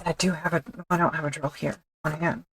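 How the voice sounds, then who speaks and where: A woman with a notably low voice gives an offhand, self-mocking commentary as she stitches leather. She murmurs half to herself between remarks, with a faint hiss of noise underneath. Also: steady tone, fairly quick, low-quality recording. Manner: wry, mutters to herself as she works. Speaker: leatherworker streaming her craft. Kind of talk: casual running commentary while working.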